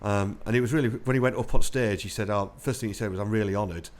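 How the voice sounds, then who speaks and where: Fast-talking veteran storyteller. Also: male voice, fairly low pitch, fairly even intonation. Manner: chatty anecdotal, laughs through stories. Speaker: army veteran guest. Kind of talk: casual storytelling interview.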